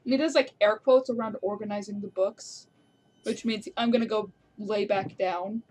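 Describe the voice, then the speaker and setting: A woman's voice: medium pitch, steady tone, moderate pace, a little mellow, rough recording. A woman running a tabletop role-play game as game master, narrating in a dry, matter-of-fact way.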